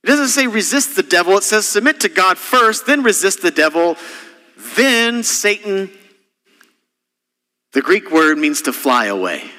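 Male pastor, sermon, bright tone, lively swinging pitch, long hall reverb. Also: unhurried. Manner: impassioned preaching with sudden soft drops. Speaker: senior pastor.

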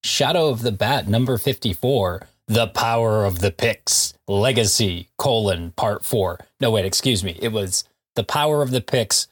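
A man's voice: on the low side, animated, measured pace, hardly any pauses. A man co-hosting a comic book podcast, recapping issues in a casual, jokey way with frequent laughs and asides. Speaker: podcast co-host.

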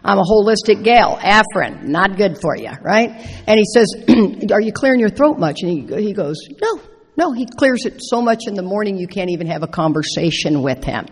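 A middle-aged woman shares a personal story from the stage of a large convention hall. She talks in a lively, animated way, acting out what she said and laughing along. Her voice carries a long, echoing reverb. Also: medium pitch, moderate pace, husky. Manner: animated, acts out her own quotes, laughs through the story. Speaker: speaker at a recovery convention.

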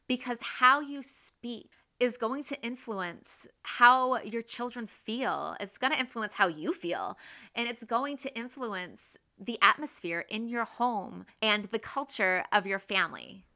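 A woman in her thirties hosting a casual, faith-based parenting talk, earnest and quick to act out her own everyday examples. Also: on the high side, expressive, sharp tone. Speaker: podcast host and mother.

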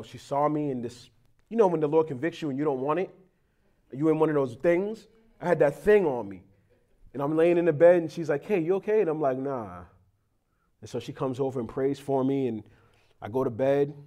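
A man's voice: mid-range voice, warm tone. A man, a pastor praying and then preaching in a conversational, confessional, storytelling way. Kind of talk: sermon with prayer.

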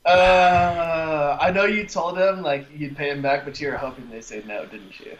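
A man co-hosting a podcast in casual chat, teasing and chiming in with quick reactions. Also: a little high, lo-fi sound. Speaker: podcast co-host.

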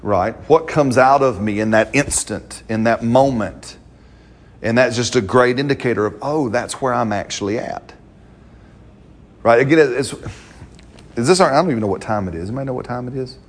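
A man preaching a sermon with a slightly husky voice. He talks to the congregation in a loose, conversational way, acting out little quotes and laughing as he goes. His pitch sits in the middle range. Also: a little fast.

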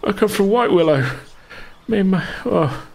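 A man's voice: high-pitched, animated, normal speed, vocal fry, pitched above the performer's own voice. A man voicing a wounded young male bandit who begs for his life, stammering and breathless. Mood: pleading.

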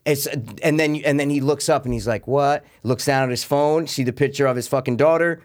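A young man co-hosting a casual film review podcast, talking in an animated way with swearing as he jumps into retelling scenes. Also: medium pitch, a little fast. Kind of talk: casual chat.

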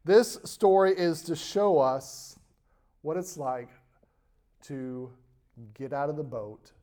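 A man preaching a sermon, reading scripture aloud and stressing key words before letting phrases trail off softly. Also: a little high. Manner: slow, emphatic preaching with soft trailing endings. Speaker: pastor.

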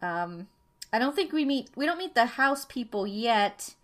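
A woman's voice: on the high side, very animated, measured pace. A woman hosting a casual chat, explaining at length with many fillers. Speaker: host.

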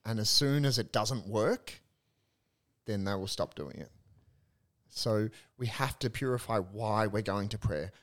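A young man, a priest, talks through prayer in a relaxed discussion. His voice sits fairly low, and he tells stories with earnest energy and bits of humor. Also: unhurried. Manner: earnest, animated storytelling with humor. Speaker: Catholic priest, co-host. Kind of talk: casual faith discussion.

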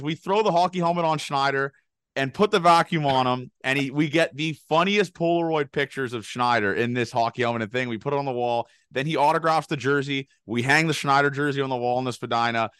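A man's voice: on the high side, fairly bright tone, clean tone, no room sound, clean studio sound. A young man telling a rambling, laughing story on a casual podcast. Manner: rapid rambling anecdotes, laughing, swearing. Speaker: podcast co-host.

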